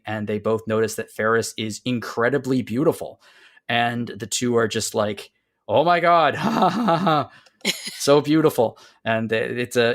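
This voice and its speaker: Man recapping a game with animated voices. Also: mid-range voice. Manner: recapping a story with playful quoted voices. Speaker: podcast host. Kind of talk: casual game discussion.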